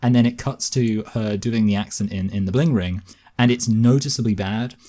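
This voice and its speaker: A man's voice: fairly low pitch, dark tone. A young man co-hosting a film review show, rambling casually with plenty of fillers. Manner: rambling, quick and offhand, with many fillers. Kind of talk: casual chat.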